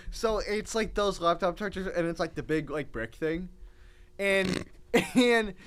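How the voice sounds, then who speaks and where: A young man co-hosting a podcast, telling a story in an excitable, animated way and laughing through it. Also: high voice, slow pace, pauses often. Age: young adult. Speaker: podcast co-host. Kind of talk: casual storytelling chat.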